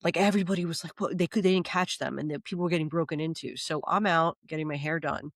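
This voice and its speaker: A woman guest on a podcast telling her life story candidly, animated, acting out what people said and swearing freely. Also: sits low, quick pace, no room sound.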